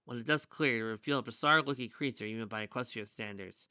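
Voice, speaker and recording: A man reading fan fiction aloud who often breaks off into excited side comments. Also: medium pitch, fast talker, clear, resonant tone, no echo. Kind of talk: reading a story aloud with asides.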